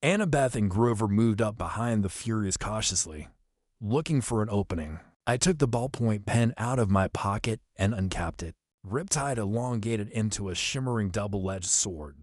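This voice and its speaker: A man reading an adventure novel aloud as an audiobook narrator, telling the action briskly in the first person. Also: fairly low pitch, no echo, studio quality. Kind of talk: scripted storybook narration.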